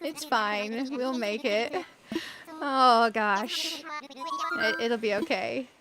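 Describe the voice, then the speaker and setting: A woman with a high-leaning voice and drawn-out words streams a video game over music. She chats casually, reads chat messages aloud, and rants playfully while giggling often.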